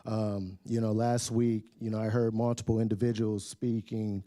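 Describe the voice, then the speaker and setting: A man with a very dark, low-pitched voice addresses a city council. He talks in a flat, even tone, hesitating often and filling his pauses with fillers. The sound is dry and close. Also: no echo. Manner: hesitant, full of fillers and restarts, often trailing off softly. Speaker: public commenter. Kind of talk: public comment speech. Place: city council meeting chamber.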